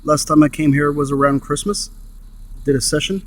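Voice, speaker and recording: A man's voice: on the high side, normal speed, fairly bright tone, dry recording. A man investigating the paranormal on location, calling out questions and then repeating and explaining what he thinks he heard. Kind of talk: casual on-location commentary.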